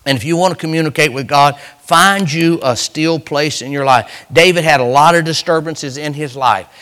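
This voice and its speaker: Preaching in a homespun Southern style, this man's voice is pitched fairly high. He shifts back and forth from booming, impassioned lines to soft, stretched-out ones.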